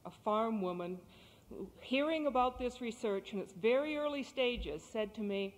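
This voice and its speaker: A woman's voice: fairly high pitch, expressive, moderate pace. Articulate woman giving a speech. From Texas. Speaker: guest speaker. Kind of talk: prepared public speech. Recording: cassette recording in a reverberant hall.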